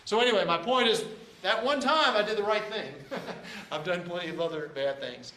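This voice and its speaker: Speaking at normal speed in an echoey room, this man has a high voice with lively intonation and a sharp tone. He's a JROTC instructor in his fifties lecturing cadets, folksy and prone to repeating himself, performing bits of dialogue in his stories.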